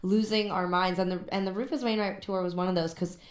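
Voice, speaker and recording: A woman's voice: medium pitch, steady tone, brisk, roomy sound. A young adult woman, a musician guest, chatting casually in a radio interview with many fillers. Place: radio studio.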